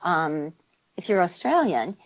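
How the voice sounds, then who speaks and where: Lower-pitched woman explaining dialects. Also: very animated, takes it slowly. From United States. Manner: explanatory, demonstrates sounds with her voice. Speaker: voice actor and dialect coach, guest. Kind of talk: casual interview explanation. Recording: slightly muffled interview audio.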